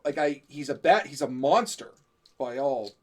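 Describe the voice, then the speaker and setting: A man's voice: medium pitch, lively intonation, normal speed. A young Canadian man chatting on a livestream, jokey and chiming in, explaining things in detail. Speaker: co-host. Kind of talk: casual stream chat and explaining.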